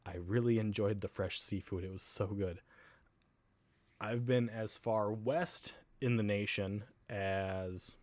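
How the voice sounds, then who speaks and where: A man's voice: on the low side, steady tone, slow pace, a little mellow. A man hosting a casual livestream, rambling between topics while answering viewer comments and laughing often. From US South. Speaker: livestream host.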